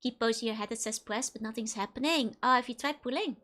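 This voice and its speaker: A woman's voice: fairly high pitch, fast talker, fairly bright tone. A woman streaming a horror game live, playful and giggly, greeting her chat one by one.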